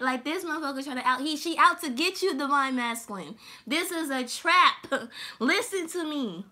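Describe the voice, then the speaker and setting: Bright, high-voiced woman reading tarot. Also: measured pace. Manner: animated, laughing, profane and teasing. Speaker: tarot reader.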